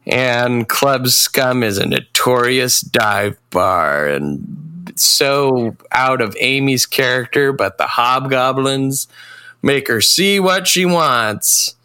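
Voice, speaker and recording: A man in a relaxed podcast chat, talking at an unhurried, drawn-out pace. His voice is bright and forward. He walks through a movie's plot loosely and irreverently, popping into raised voices for the characters. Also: medium pitch, smooth. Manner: laid-back and profane. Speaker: podcast co-host. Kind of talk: casual film recap chat.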